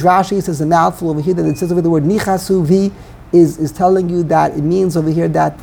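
Gravelly, husky male Torah teacher. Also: on the high side, warm tone. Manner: thinks aloud, halting, repeats words. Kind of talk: text study lesson.

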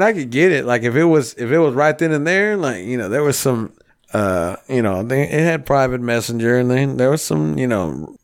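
Profane rambling podcast host, a man. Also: mid-range voice. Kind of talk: casual podcast chat.

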